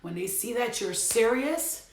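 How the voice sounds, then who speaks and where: A woman's voice: fairly high pitch, animated, measured pace, creaky, roomy sound. A woman giving a casual spiritual reading at home, talking bluntly and emphatically and swearing now and then. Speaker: tarot reader. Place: bedroom at home.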